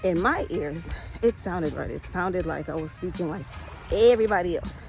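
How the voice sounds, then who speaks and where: Fast-talking Jamaican-born woman vlogger. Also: on the low side, animated, gravelly, darkish tone, soft background music, low-quality recording. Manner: talks fast, chatty and laughing. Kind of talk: casual walking vlog. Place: outdoors on a beach at sunrise.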